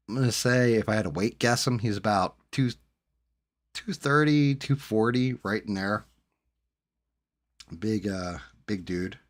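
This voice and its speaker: Male streamer host, slightly low voice, salty, animated storyteller. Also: unhurried, pauses often. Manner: profane, animated anecdote telling. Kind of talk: casual storytelling.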